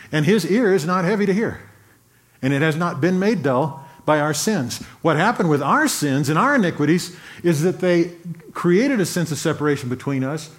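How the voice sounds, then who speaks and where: A male pastor giving a sermon, talking conversationally, often repeating and restarting words, and reading scripture slowly and with emphasis. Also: fairly high pitch.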